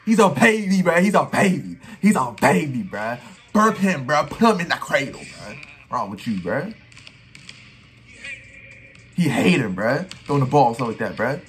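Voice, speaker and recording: A young man giving excited reaction commentary on his old basketball footage, trash-talking and repeating his phrases. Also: mid-range voice, a little slow, long pauses. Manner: hype trash talk, repeats phrases, keeps saying "bro". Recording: faint music behind.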